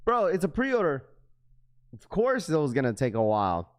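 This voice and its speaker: A man's voice: on the high side, wildly swooping pitch, normal speed. Slangy man hosting a sneaker livestream. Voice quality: slangy, says "bro" often. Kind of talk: casual livestream chat.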